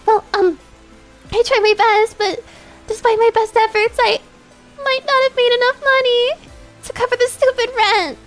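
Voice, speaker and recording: A woman's voice: very high voice, moderate pace, faint music behind. A woman playing a frantic broke young vampire. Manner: frantic, whiny, excitable. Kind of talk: voice acting a game's dialogue on stream.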